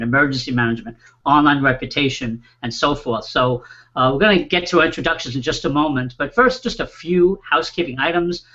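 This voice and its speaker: A man hosting an online panel show, warmly introducing his guests and filling pauses with small "uh"s. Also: medium pitch, highs cut off. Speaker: host.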